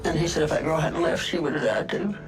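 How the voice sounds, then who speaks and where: A man, recounting a family crime in a plain-spoken, unhurried testimonial interview. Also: a little high, poor audio. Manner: plain-spoken, slow storytelling with grammar from his home region. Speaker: interviewee, sibling of the suspect. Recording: loud music bed underneath. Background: music.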